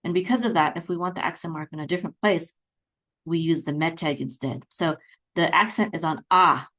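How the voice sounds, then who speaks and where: A woman's voice: low voice, a bit bright. A woman teaching beginners to read Hebrew, patiently sounding out words and checking in often. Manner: patient, repeats words slowly, chants trope melodies; frequent checking "okay?" with fillers. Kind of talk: beginner lesson, slow patient explanation.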